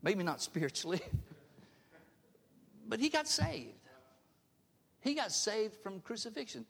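A man's voice: sits high, big pitch swings, slow, gravelly, fairly bright tone, slightly rough, long reverb tail. A male pastor preaching a sermon, emphatic, often asking the congregation questions. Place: church sanctuary.

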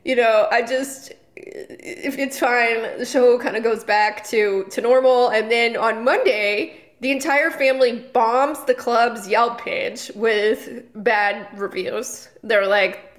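A woman's voice: fairly high pitch, slow. A woman comedian co-hosting a podcast, telling a story in a rambling casual way with lots of fillers and restarts. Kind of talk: casual chat.

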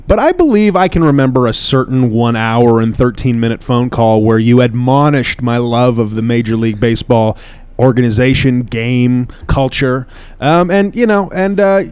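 A man teases his co-host in casual podcast banter, with a mock-dramatic edge. His pitch swings widely and his voice sounds dry and close, with no room echo. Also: darkish tone, clean tone.

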